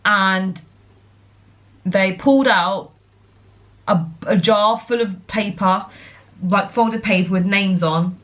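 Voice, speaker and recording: A young woman, chatting casually to her viewers as a vlogger, excitable and full of fillers and restarts. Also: mid-range voice, slow, long pauses, highs cut off. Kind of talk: casual chat.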